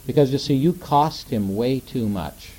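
A middle-aged man preaching a sermon in a gentle, conversational way, often asking his listeners rhetorical questions. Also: mid-range voice, unhurried, a little hiss or hum, rough recording.

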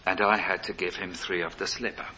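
An older man preaching a sermon, earnest and storytelling, swelling loud for emphasis and dropping low again. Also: flat delivery, brisk, slight background noise. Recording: dull lo-fi recording.

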